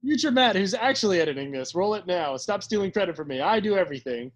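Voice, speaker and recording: A co-host on a casual film podcast, playful and teasing in his banter. His pitch sits fairly high and jumps around a lot. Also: expressive, quick pace.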